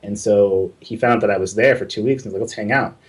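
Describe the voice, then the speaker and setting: A young man from Southern California with a husky, low voice. He tells his story loosely and casually, swearing freely. His delivery is relaxed and conversational. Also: fast talker. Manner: casual, profane, acts out quoted dialogue in his telling. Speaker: guest concept artist.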